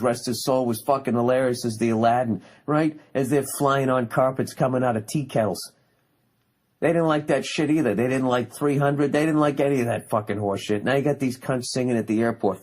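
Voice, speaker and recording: A podcast host launches into a profane, sarcastic comedic rant that rambles through restarts and asides. He has a mid-range, slightly mellow voice.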